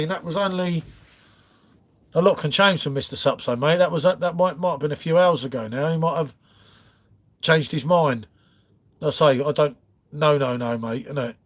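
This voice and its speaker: A man's voice: a little high, normal speed. Chatty man on a livestream. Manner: chatty, rambling, calls viewers mate. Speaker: livestream host. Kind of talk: casual live chat reading comments. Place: home front room.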